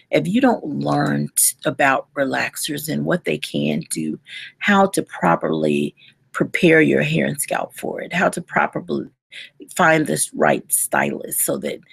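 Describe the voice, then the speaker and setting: A woman's voice: on the low side, creaky, slightly rough. A woman who works as a hair care specialist, giving earnest, conversational advice to listeners and often restarting her sentences. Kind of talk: casual advice talk to listeners.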